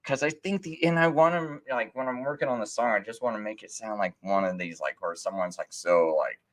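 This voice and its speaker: Speaking a little quickly in a lowish voice, this middle-aged livestream host wanders through his talk in a loose, casual way. He uses plenty of fillers and false starts and frequently performs other people's words.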